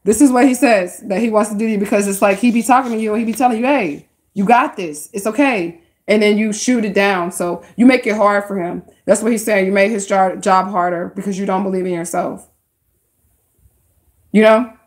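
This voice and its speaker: This livestream tarot card reader addresses her audience directly, keeping things casual, chatty and full of slang. Her pitch is medium, her tone steady, and her pace a little fast.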